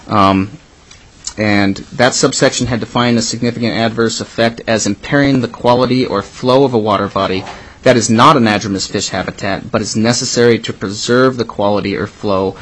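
A man's voice: lowish voice, steady tone, a little fast, fairly bright tone, low-quality recording. A man presenting bill revisions at a committee hearing, going section by section with many ums and restarts. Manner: methodical section-by-section walkthrough. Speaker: legislative staffer presenting bill changes.

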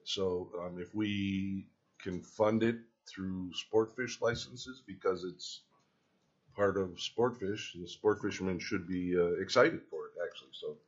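A legislator man with a deep, husky voice makes his case plainly and directly during a committee hearing. His voice comes through muffled, lo-fi hearing-room audio. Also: a little slow.

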